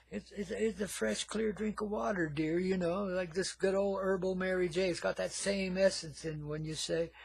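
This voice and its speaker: A man hosts a radio show in a loose, rambling hippie patter, chuckling and tossing in "man" between thoughts. His voice sits high and comes out husky. The sound is dry and close. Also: a little mellow, no room sound. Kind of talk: rambling comic radio monologue.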